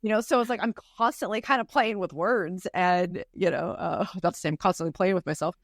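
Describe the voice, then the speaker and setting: A woman's voice: fairly low pitch, fairly quick, no room sound, studio quality. A woman co-hosting a podcast, talking bluntly and casually, with some swearing. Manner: blunt and swearing, laughs easily. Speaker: podcast co-host.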